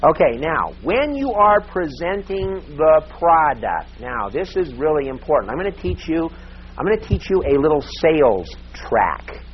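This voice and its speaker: A man teaching a sales seminar in a lively, emphatic way, laughing often. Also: a little high, normal speed. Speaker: sales trainer. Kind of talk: live seminar talk. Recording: dull lo-fi tape with faint hiss.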